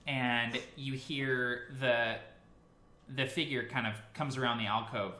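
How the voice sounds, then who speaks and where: A man's voice: medium pitch, fairly even intonation, takes it slowly, bright, forceful tone. A man narrating a tabletop game as game master, loose and hesitant, with many fillers. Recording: echoey room with faint hiss.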